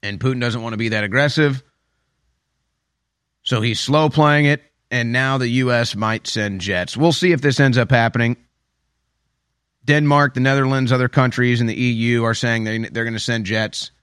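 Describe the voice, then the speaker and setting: A man's voice: medium pitch, moderate pace, a bit bright, clean tone, dry recording, studio quality. Emphatic, sarcastic male commentator. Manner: emphatic, sarcastic, repeats phrases. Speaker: political commentator. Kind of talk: opinion commentary monologue.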